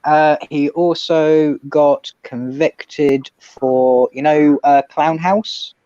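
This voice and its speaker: A man chatting as a guest on a watch stream, earnest and measured, with some hesitation. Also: on the high side, steady tone, dark tone, no room sound, lo-fi sound. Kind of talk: casual chat on a watch stream.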